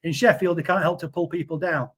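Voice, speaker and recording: A man's voice: fairly high pitch, steady tone, fast talker, a bit bright, husky. A man, talking earnestly in a casual interview, often repeating words as he defends someone. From Yorkshire, England. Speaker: interview guest.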